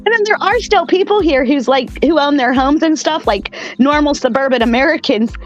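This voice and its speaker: A woman's voice: high voice, brisk, highs cut off, faint music behind. A woman chatting as a podcast guest, rambling through stories full of "like" and swearing. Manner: rambling, profane storytelling with many "like"s. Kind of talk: casual chat.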